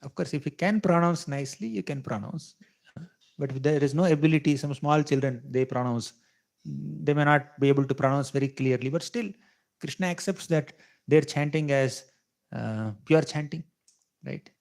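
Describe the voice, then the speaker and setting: A man leads a devotional scripture class in a temple hall, his voice sitting a little high for a man. He teaches conversationally, tossing "right?" to the audience and chuckling between points. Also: moderate pace, creaky, darkish tone. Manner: conversational teaching, asks "right?", chuckles often, half-sings verses.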